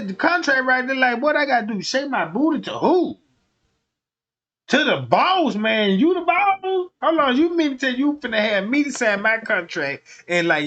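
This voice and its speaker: Male streamer, high voice, profane comedic rant, chatting with viewers. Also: very animated, moderate pace, bright, forceful tone. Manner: profane, drawling, talks to the chat. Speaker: livestream host.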